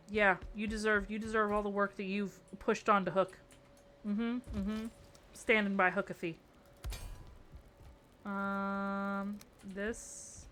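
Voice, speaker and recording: A woman's voice: mid-range voice, fairly bright tone, slight background noise. A woman streamer chatting casually with her viewers and talking to herself as she builds in a game, playful and rambling. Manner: chatty, talks to herself and chat, playful muttering.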